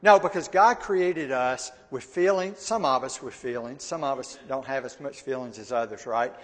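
A man's voice: mid-range voice, moderate pace. A man giving a conversational Bible teaching. He often repeats words and asks his listeners questions. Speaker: church teacher. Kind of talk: sermon-style Bible teaching. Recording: long hall reverb.

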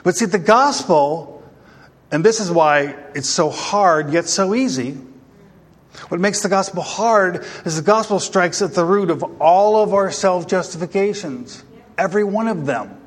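A pastor preaches to his congregation in a high voice with lively intonation and a measured pace. He is emphatic and fills the sermon with rhetorical questions, and the hall's reverb lingers long.

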